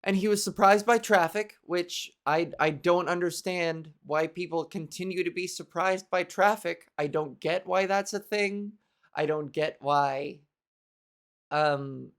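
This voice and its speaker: A woman comedian talks alone on her podcast from her bedroom. She rambles from one tangent to the next, sarcastic and freely profane. She breaks into laughter between riffs. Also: fairly low pitch. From Canada. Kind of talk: solo comedic monologue.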